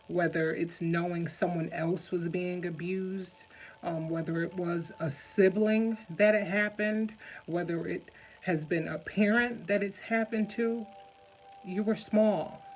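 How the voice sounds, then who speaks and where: A woman's voice: lowish voice, poor audio. Earnest woman giving emotional encouragement. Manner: earnest, emotional, speaks directly to the listener. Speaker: healing coach. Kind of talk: heartfelt direct-to-camera talk.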